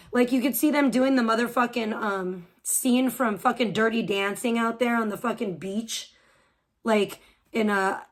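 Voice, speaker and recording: A woman live streamer ranting crudely, hurling insults and rambling on. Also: on the high side. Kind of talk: profane livestream rant.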